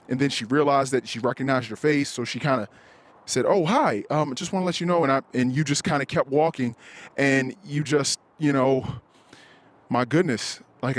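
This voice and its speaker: A man hosting a podcast, talking candidly and self-critically in a rambling way, swearing often and acting out heated quotes. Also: mid-range voice. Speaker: podcast host. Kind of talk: candid solo podcast confession.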